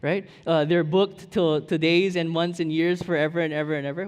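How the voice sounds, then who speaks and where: High-voiced, chatty male pastor. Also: level tone, moderate pace, clear, resonant tone. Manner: chatty, full of restarts and "right?" check-ins. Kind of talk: conversational sermon. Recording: long hall reverb.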